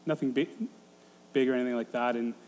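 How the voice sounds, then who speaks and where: A man in his thirties preaching a sermon, thinking aloud in a halting way with frequent restarts. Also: mid-range voice, steady tone, darkish tone, slight background noise. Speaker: pastor. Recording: long hall reverb.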